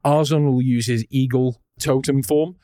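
A man's voice: mid-range voice, fairly even intonation, moderate pace, warm tone, clean tone, no room sound. Male podcast host, casual chat; laughs a lot and acts out scenes. Dry close mic. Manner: laughs often, swears casually, acts out characters. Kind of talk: casual chat recapping a cartoon.

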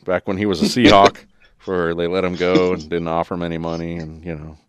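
A man's voice: deep voice, little pitch movement, fairly quick, smooth, no echo, clean studio sound. A man hosting a podcast in casual chat, rambling and loose with lots of fillers. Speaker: podcast host.

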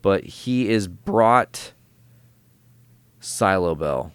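Man, very deep voice, smooth, casual comic recap, rambling with fillers. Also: lively intonation, very slow, dry recording. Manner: rambling, filler-heavy retelling. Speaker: podcast co-host.

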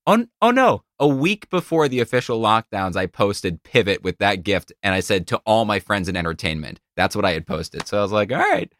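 Low-voiced chatty male host, dry studio sound. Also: fairly quick, few pauses, no room sound. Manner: chatty, animated storytelling with playful asides. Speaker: podcast host. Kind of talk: casual conversation. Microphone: studio mic in a treated home studio.

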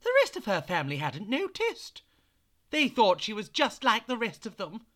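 A man's voice: high voice, huge pitch swings, moderate pace, fairly bright tone. A man hosting a children's storytelling podcast, chatting playfully and narrating with animation. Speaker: host and storyteller.

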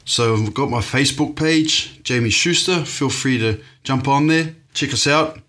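New Zealand-accented male podcast guest, enthusiastic, mid-pitched, bright. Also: measured pace. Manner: enthusiastic, warm-hearted, laughs often. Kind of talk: casual podcast conversation.

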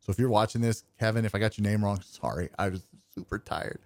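This young man's voice is lowish and darkish, and he talks fast on a dry recording. Co-hosting a podcast, he spins a long, rambling story casually, voicing the people in it and poking fun at himself.

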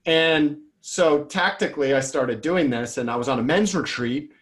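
A man in his thirties, a podcast guest and author, telling his story in a rambling, energetic way and acting out what people said. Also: on the high side, normal speed. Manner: energetic, rambling, acts out quotes. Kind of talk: casual storytelling interview.

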